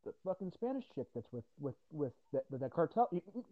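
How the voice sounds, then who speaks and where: A young man from New Jersey with a highish, very animated voice talks fairly quickly in casual podcast chat. He swears constantly and laughs through his rants, recorded with a dull, dry, lo-fi sound.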